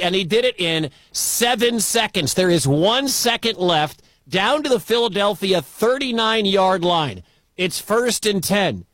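A man calling live football play-by-play on the radio, excitable and breaking into shouts at big plays from a stadium booth. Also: high voice, no room sound, clean studio sound.

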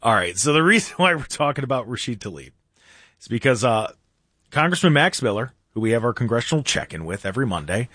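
Guy hosting talk radio, pretty lively pitch, dry studio sound, laughs a lot. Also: brisk, husky, dry recording. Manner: animated, laughing often. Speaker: radio show host. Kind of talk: casual talk radio commentary.

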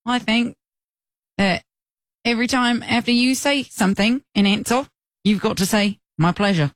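A woman's voice: a little high, steady tone, moderate pace, no echo. A woman co-hosting a radio show, giggly and playful in casual chat.

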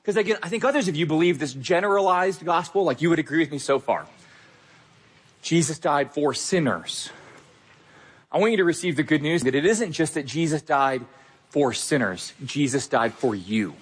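Man preaching, emphatic, husky voice, fairly high pitch. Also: animated, moderate pace. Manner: emphatic, earnest, repeats key phrases. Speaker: pastor. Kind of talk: sermon.

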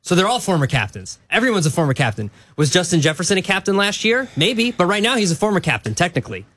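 A man's voice: high-pitched, sing-song, fast talker, a bit bright, no room sound. A man co-hosting a casual sports talk show, rambling and joking with lots of filler words. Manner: rambling, jokey, full of filler "like".

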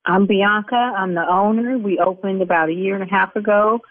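A woman's voice: mid-range voice, steady tone, normal speed, no room sound. A woman running a salon, talking in on a phone call. She turns sassy and scolding and snaps back hard. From Chicago South Side. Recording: dry tinny phone line.

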